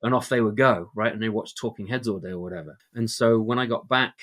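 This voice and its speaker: Storyteller guy on a podcast, slightly low voice, lively, keeps saying "right?". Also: quick pace. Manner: animated, peppers speech with "right?". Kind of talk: casual podcast interview.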